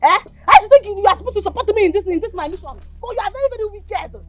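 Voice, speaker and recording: A woman's voice: very high voice, animated, racing. A young woman with a Nigerian accent playing a stubborn lovestruck daughter who pleads and argues back. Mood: accusing. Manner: pleading, defiant. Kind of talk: Nollywood film acting.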